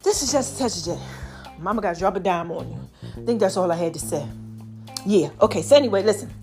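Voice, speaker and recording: A woman hosting a casual faith podcast, talking to her listeners in an animated, preachy way and a little out of breath. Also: mid-range voice, fast talker, soft background music. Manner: animated, preachy, calls listeners y'all and child. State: a bit out of breath. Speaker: podcast host.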